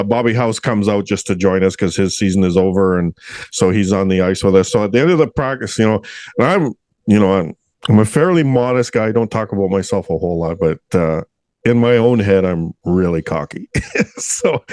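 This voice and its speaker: A laid-back male podcast host with a low voice trades easygoing hockey stories, chuckling at his own jokes. The sound is dry and close, with no room echo. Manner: relaxed, self-deprecating, laughs often. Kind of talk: casual chat interview.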